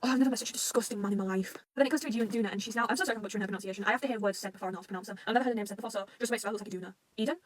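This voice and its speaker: Excitable woman gushing at rapid speed. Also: medium pitch. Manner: excitable, swears often, gushes and shouts in bursts. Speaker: manga reaction channel host. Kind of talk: excited fan reaction recap.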